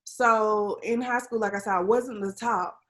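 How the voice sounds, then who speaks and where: A woman's voice: mid-range voice, steady tone, measured pace, a bit bright. A young adult woman, a civil engineer, speaking as an interview guest, telling her story earnestly with frequent "um" and "like". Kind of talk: casual conversational interview.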